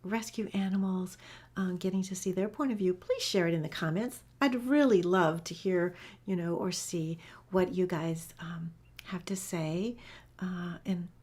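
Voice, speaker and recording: Breathy woman telling a story. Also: on the low side, a little slow, darkish tone. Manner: chatty, with frequent fillers and restarts. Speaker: animal communicator. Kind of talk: casual storytelling to camera.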